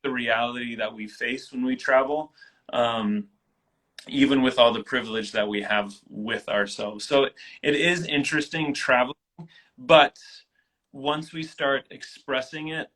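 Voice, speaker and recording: Bright-voiced man telling stories. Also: medium pitch, rough recording. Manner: animated, acts out quoted voices. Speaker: guest. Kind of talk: casual interview storytelling.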